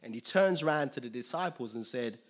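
A man preaching a conversational sermon, chatty and quick to laugh, often asking listeners if they follow. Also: mid-range voice, animated.

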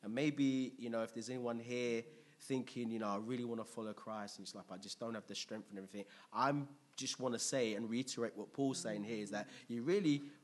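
A man preaching a sermon in a conversational, lively way, asking the congregation questions. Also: mid-range voice, fairly quick.

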